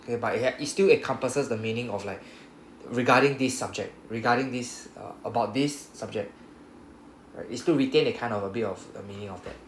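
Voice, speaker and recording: A man's voice: mid-range voice, a little fast. Guy teaching a language class, patient, keeps asking right?, echoey room with faint hum. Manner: patient, repetitive, checks understanding with "right?". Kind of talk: classroom grammar explanation.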